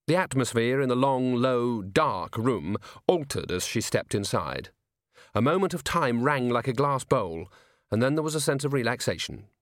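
Measured male audiobook narrator. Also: mid-range voice, very animated, no echo. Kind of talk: scripted narration. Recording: dry close studio sound.

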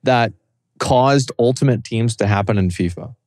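A man's voice: mid-range voice, moderate pace, darkish tone, no echo, clean studio sound. A man co-hosting a podcast, talking bluntly and emphatically with plenty of swearing. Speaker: podcast co-host. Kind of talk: casual chat.

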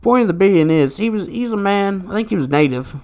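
High-pitched and animated, this man talks fairly quickly with a darkish, clean tone as he co-hosts a podcast. His casual story rambles on, heavy with swearing and fillers such as "like" and "you know."

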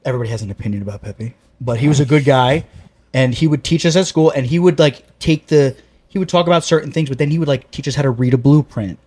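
A man's voice: medium pitch, fast, a little mellow, husky. A man guest on a podcast, chatting casually and telling rambling stories full of filler words. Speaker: guest, plumbing contractor.

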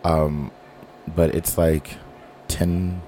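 A man with a remarkably deep, dark, mellow voice and a morning rasp he hasn't warmed out of. He co-hosts a casual chat, sassy, gossipy and quick to joke. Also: flat delivery, a little hiss or hum. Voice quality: raspy. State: early-morning unwarmed voice. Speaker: podcast co-host.

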